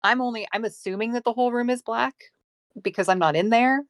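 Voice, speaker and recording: A woman's voice: a little high, fast talker, no room sound, clean studio sound. A woman playing a tabletop game, arguing her reasoning casually with fillers. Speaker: player.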